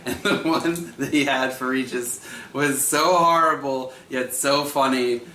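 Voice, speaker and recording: A man's voice: mid-range voice, unhurried, bright, forceful tone, reverberant, a little hiss or hum. A man in his thirties hosting a livestream trivia night, chatty, laughing often and repeating each question.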